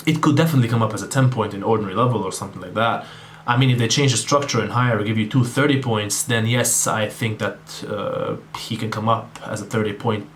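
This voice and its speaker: Guy doing a chill exam-prep lesson, mid voice, says um a lot, bit of hiss behind. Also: medium pitch. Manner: casual, addresses viewers as guys, many ums. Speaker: literature tutor.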